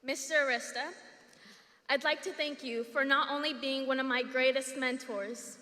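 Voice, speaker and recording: A woman's voice: sits high, fairly even intonation, normal speed, sharp tone. A young woman, the class salutatorian, giving her graduation speech with emotional, teary thanks. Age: young adult. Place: large hall. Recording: echoey hall.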